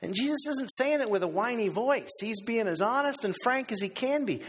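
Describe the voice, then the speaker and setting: A man preaching a sermon as pastor, animated and theatrical, acting out the voices he quotes. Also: a little fast, few pauses, slightly rough, big-room sound. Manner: animated, acts out quoted voices with big pitch swings.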